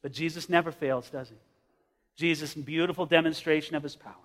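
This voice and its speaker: A man preaching a sermon, acting out scenes with lively voices. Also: fairly high pitch, fairly quick. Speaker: pastor. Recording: long hall reverb.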